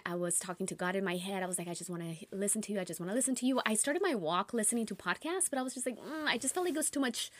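A young adult woman, a meditation teacher and podcast host, telling spiritual stories earnestly with lively bursts of excitement. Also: mid-range voice, no echo. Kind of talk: reflective spiritual monologue.

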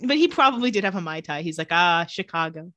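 Racing along in a sing-song, medium-pitched voice that's a bit bright, a woman co-host casually recaps a TV episode and plays the characters in fun voices. The recording is dry and lo-fi.

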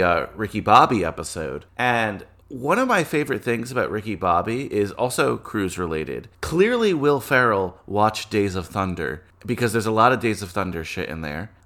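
Male podcast guest, low voice, rambling and animated storyteller. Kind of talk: casual chat.

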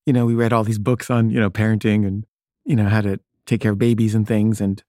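A man's voice: lowish voice, level tone, quick pace, warm tone, no echo, clean studio sound. A father telling a personal story in a loose, casual way, with lots of "like" and "you know". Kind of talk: casual anecdote.

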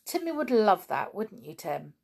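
A woman's voice: medium pitch, very animated, normal speed, gravelly, darkish tone. A woman voicing a keen, boyish tomboy girl in a storybook reading. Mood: eager.

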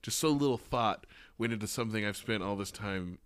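A man's voice: fairly low pitch, a little fast, a bit bright, clear, resonant tone, no echo. A young man, a teacher and podcast co-host, ranting with profane exasperation in a casual chat.

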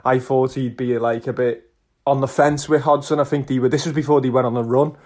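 A man's voice: mid-range voice, steady tone, fairly quick, a little mellow. A man, a podcast co-host telling a story in casual chat, calling his friend "lad". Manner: storytelling, says "lad" a lot.

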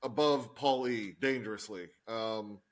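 A man co-hosting a wrestling podcast, talking quietly and haltingly with many fillers. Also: on the low side, slight background noise. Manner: soft-spoken, hesitant, lots of fillers. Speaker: podcast co-host. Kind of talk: casual wrestling review chat.

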